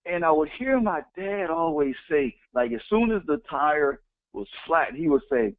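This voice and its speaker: A man's voice: on the high side, expressive, normal speed, dry recording. A man giving a motivational talk. He speaks emphatically, repeats key phrases and counts off his points. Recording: tinny phone-like, dry sound.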